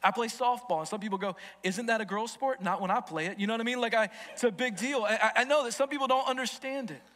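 A man in his thirties preaching a sermon as a guest speaker, joking and telling stories with animated energy. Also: very high voice, fast talker. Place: church hall. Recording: long hall reverb.

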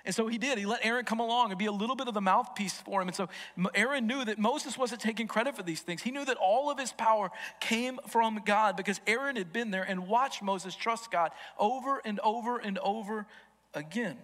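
A man in his thirties preaching a sermon as a guest speaker, joking and telling stories with animated energy. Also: sits high, brisk. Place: church hall. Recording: long hall reverb.

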